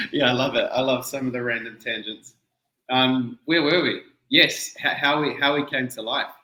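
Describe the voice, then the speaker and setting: A man's voice: medium pitch, moderate pace, echoey room, low-quality recording. A man in his thirties with a mixed New Zealand and Malaysian accent, a guest chatting casually in an interview and using friendly slang. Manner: relaxed, laughs easily, friendly slang. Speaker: event founder guest. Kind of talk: casual video-call interview.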